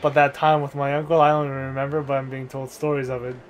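A man's voice: mid-range voice, level tone, fast, dull audio. Give me a young man co-hosting a gaming video, telling crude joking stories full of swearing, with faint game music behind. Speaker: co-host of a gaming show. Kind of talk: casual let's-play banter.

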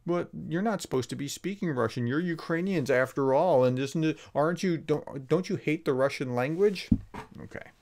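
A man's voice: a little high, moderate pace, darkish tone. A man, a professor, giving casual video commentary on a clip, conversational with sarcastic, emphatic rises. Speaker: professor explaining war context.

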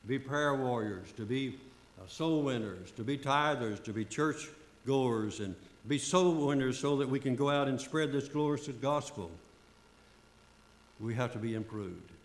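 An older man with a drawl preaches a fervent sermon at a middle pitch. He circles back on key phrases again and again for emphasis, his voice ringing through a roomy, echoey church sanctuary. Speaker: pastor.

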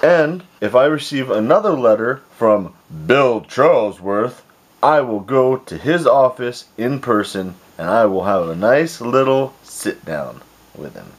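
A man's voice: mid-range voice, expressive, measured pace, husky. A man ranting in a home video, profane and exasperated, with frequent restarts. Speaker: vlogger.

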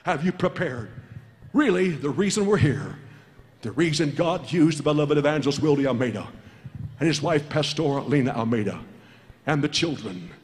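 A high-voiced older man preaching a sermon, his voice carrying through a large church hall with a long reverb. He swings between shouted calls and low, quiet asides. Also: expressive, normal speed. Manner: preaching with shouted calls and sudden drops in pitch.

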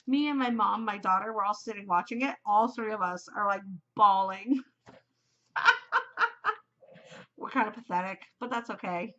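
A middle-aged woman chatting on her own podcast, gushing and openly emotional, her speech running into little asides. Her voice sits at a middling pitch. The recording is muffled and lo-fi, as if from a home setup. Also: animated, a little slow, bright, forceful tone. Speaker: podcast host. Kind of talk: casual chat.

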